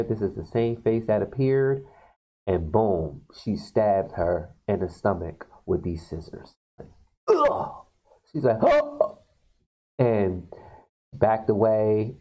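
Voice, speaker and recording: A YouTube host recaps a movie casually and ramblingly, acting out the characters' lines in different voices. His voice is middling in pitch with a mellow, darker tone. The audio quality is poor.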